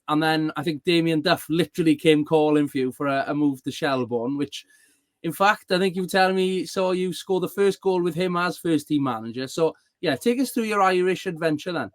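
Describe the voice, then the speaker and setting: A man's voice: fairly high pitch, no room sound. A man hosting a club podcast, asking friendly prompting questions in a casual interview. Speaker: podcast host.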